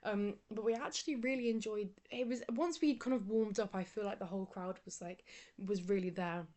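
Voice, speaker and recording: Soft-spoken woman, dipping into whispers. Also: medium pitch, fairly even intonation, fairly quick. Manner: rambling, soft and often dropping into a whisper. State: sleepy, yawning. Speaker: vlogger. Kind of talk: casual chat.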